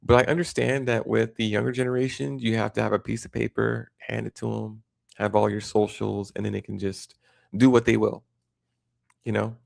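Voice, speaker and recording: A man's voice: on the low side, flat delivery, moderate pace, vocal fry, no echo, studio quality. A man hosting a livestream, rambling in casual chat with lots of fillers and restarts. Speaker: livestream host.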